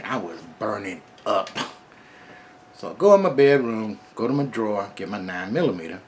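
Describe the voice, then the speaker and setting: A man's voice: fairly low pitch, a little hiss or hum. A middle-aged man casually telling a first-person story in a laid-back, streetwise way, with plenty of profanity.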